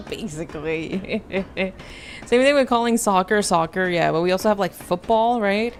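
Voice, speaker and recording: A woman's voice: medium pitch, lively intonation, unhurried, a little hiss or hum. A woman VTuber streaming a game, chatting playfully with her viewers and answering chat. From United States. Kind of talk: casual gameplay stream chat.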